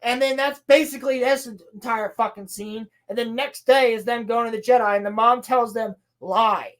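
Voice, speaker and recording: A woman on a podcast, casually recapping a show with sarcasm and a lot of swearing, slipping into quick playful voices for quoted lines. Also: on the high side, fairly even intonation. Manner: sarcastic, profane, mocking. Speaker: podcast co-host reviewing a TV show. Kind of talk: casual chat.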